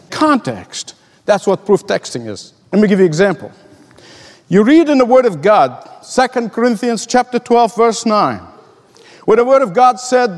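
A man's voice: sits high, very animated, normal speed. Emphatic man preaching in a reverberant space. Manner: earnest, emphatic, storytelling with rhetorical questions. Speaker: pastor. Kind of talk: sermon.

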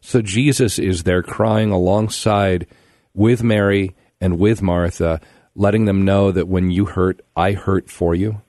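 A man's voice: sits low, fairly even intonation, measured pace, darkish tone, no echo, clean studio sound. A man hosting a radio talk show, asking thoughtful questions in a reflective way. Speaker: radio host. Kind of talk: conversational radio interview.

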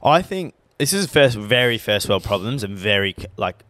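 Young aussie guy, lowish voice, rambly and sweary, dry mic. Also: sing-song, normal speed, fairly bright tone, no echo. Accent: Australian. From Australia. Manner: rambling, filler-heavy, swears freely. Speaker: podcast co-host. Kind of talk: casual chat.

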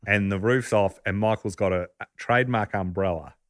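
Low-voiced man telling a story. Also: normal speed, a bit bright, dry recording, studio quality. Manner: chuckling, conversational storyteller. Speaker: podcast host telling a story. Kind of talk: casual storytelling chat.

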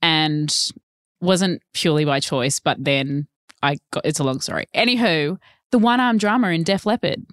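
Woman host, chatty storyteller, slightly low voice, close dry mic. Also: moderate pace, no echo. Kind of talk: casual chat.

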